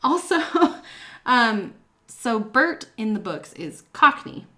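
A woman's voice: a little high, sing-song, takes it slowly, sharp tone. A woman in her thirties hosting a podcast, chatting casually and explaining film facts with asides. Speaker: podcast host. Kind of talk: casual chat.

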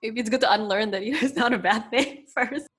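A woman's voice: fairly high pitch, a little fast, a bit bright, breathy edge. A woman in casual, reflective conversation who laughs often. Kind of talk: casual chat.

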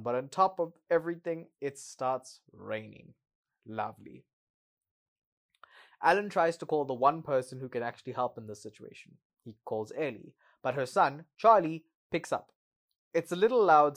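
A man hosting a podcast, recapping a movie in a casual, sarcastic way with exasperated asides. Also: a little high.

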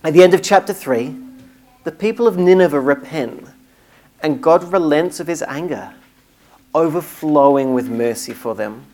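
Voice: mid-range voice, lively intonation, normal speed, a little mellow. A preacher delivering a sermon in an earnest, emphatic way, now and then restarting a phrase.

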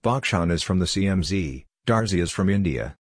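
A man's voice: sits low, lively intonation, normal speed, no room sound, clean studio sound. A man voicing a businesslike male detective. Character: male detective, out of place, eager to finish quickly. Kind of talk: audiobook character voice.

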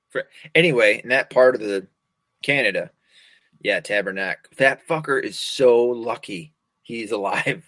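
A man's voice: mid-range voice, a bit bright, no room sound. A man hosting a casual show, laughing often and swearing freely as he chats. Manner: laughing, profane, loose banter. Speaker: host. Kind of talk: casual reaction commentary.

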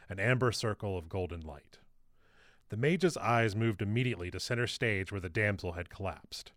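A man reading his own novel aloud in steady, measured audiobook narration. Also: fairly low pitch, no echo, studio quality.

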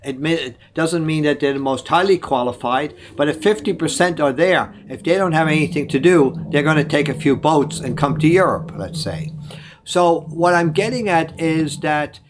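Older man, slightly high voice. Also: expressive, moderate pace, background noise. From Germany. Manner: discursive, advice-giving, frequent self-corrections. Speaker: guest. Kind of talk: conversational interview.

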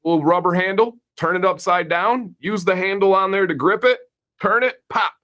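Man doing an impression of a know-it-all Southern handyman: put-on Southern US accent, pitched up, rattling off quick how-to steps. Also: pushed and bright. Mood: instructive. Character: laid-back male Southern handyman dad, folksy.

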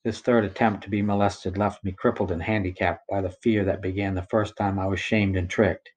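A man reading his own first-person account aloud in a measured, somber way. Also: low-pitched, little pitch movement, a little mellow, husky. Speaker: narrator of his own story.

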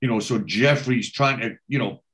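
A man talks through a TV episode in a loose, animated way. He keeps dipping into quoted lines, then drops back into his own casual, swearing commentary. His voice sits at an ordinary middle pitch. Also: normal speed. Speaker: podcast co-host recapping a TV series. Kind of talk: casual chat, retelling scenes with quoted dialogue.

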